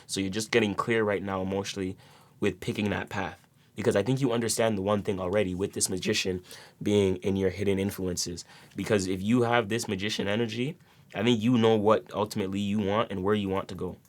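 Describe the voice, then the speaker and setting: A man's voice: lowish voice, fairly even intonation, a little fast. A man giving a casual tarot reading to his viewers, rambling with repeated words and many fillers. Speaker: tarot reader.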